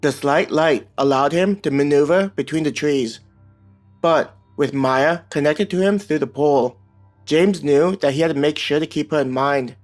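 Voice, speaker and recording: A man narrating a fantasy web novel in an even, unhurried reading voice. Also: on the high side. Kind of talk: scripted audiobook narration. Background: soft background music.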